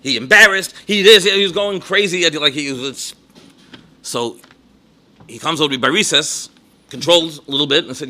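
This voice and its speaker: A man's voice: on the high side, moderate pace, sharp tone. A man, a rabbi and educator, giving a talk full of anecdotes and sprinkled with Yiddish and Hebrew words. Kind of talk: lecture with anecdotes.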